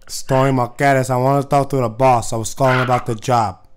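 A man's voice: medium pitch, steady tone, brisk, slight background noise, natural voice. A man putting on a brash accented job hunter. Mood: pushy. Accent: Spanish-tinged put-on accent. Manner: blunt, pushy, swearing. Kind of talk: prank phone call.

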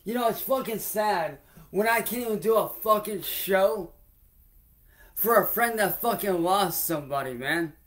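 A man's voice: sits high, lively intonation, a little slow, fairly bright tone. A man livestreaming, ranting angrily and profanely at a viewer and then apologising to his audience, repeating himself often. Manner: heated, profane, confrontational; repetitive, addresses a heckler then the audience. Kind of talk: angry livestream rant to viewers.

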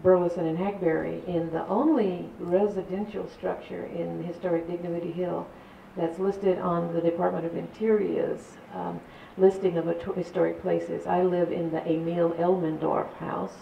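A woman's voice: fairly low pitch, level tone, moderate pace, vocal fry, a little hiss or hum. An older woman from San Antonio, Texas, telling community history to an audience in a chatty, rambling way with laughs and restarts. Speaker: community speaker. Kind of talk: storytelling talk to an audience. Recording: echoey, distant, dull room recording.

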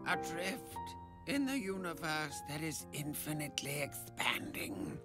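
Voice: medium pitch, huge pitch swings, unhurried, music in the background. An actor voicing a small, scrawny, bitter cartoon monster villain who talks dramatically and breaks into squawking outbursts. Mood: brooding.

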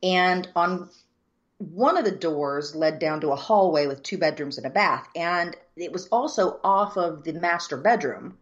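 Low-voiced woman from the southern US, telling a story slow with lots of ums, kinda muffled lo-fi audio. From southern United States. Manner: measured, many ums, descriptive. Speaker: co-host. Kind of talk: casual chat, storytelling.

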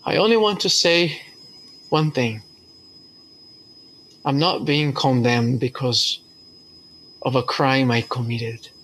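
A man voicing a defiant condemned male prisoner who shouts angrily. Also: medium pitch, slight background noise, rough recording. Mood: solemn. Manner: shouting, hostile.

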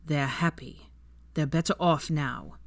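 A fan fiction reader voicing a firm, secretive young man who speaks quietly, almost whispering. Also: medium pitch, measured pace, close to an everyday voice. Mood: firm hush.

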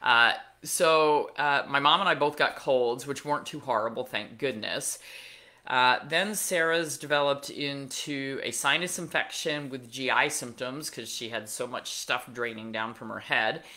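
A woman's voice: very deep voice, unhurried, sharp tone. A middle-aged woman hosting a pet podcast, telling a casual story with wry asides and plenty of fillers. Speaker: veterinarian podcast host.

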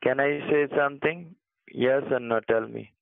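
A man's voice: mid-range voice, normal speed, creaky, dry recording. Pushy guy repeating himself in broken english, tinny phone line, dry sound. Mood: insistent. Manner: insistent, repetitive, broken English. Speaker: phone scammer.

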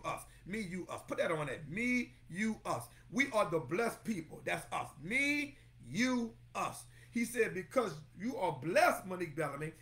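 High-voiced, lively fervent male preacher. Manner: fervent preaching, repeats phrases and calls on listeners by name. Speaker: pastor. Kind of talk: sermon.

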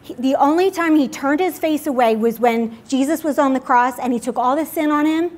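A woman's voice: high-pitched, a little fast, a little mellow. A young woman giving an earnest personal testimony at a church service, talking in a confessional way with lots of filler words. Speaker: speaker at a church midweek service.

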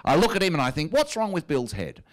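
A man's voice: a little high, very animated, quick pace. A man with an Australian accent doing a stand-up impression of a pompous, self-satisfied wealthy prime minister, speaking in a smug, drawling, self-amused way on stage. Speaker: comedian.

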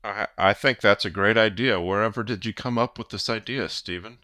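A man co-hosts a podcast with teasing, joking banter. His voice is fairly low but bright and forceful. It is recorded close and dry. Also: a little fast, no echo. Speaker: podcast co-host. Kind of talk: casual chat.

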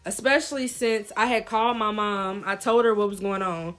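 A young woman vlogger telling a lively storytime in casual slang, acting out what people said. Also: medium pitch, moderate pace, soft background music. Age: young adult. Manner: animated, slangy storytelling with quoted voices. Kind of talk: storytime vlog.

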